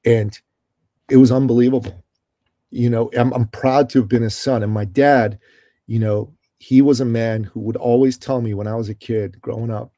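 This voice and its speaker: A man telling stories as a podcast guest, emphatic and preachy, swinging between loud declarations and quiet reflection. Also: medium pitch, steady tone, moderate pace, no echo. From Iran. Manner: emphatic, preachy, rises and falls in loudness. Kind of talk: impassioned interview storytelling.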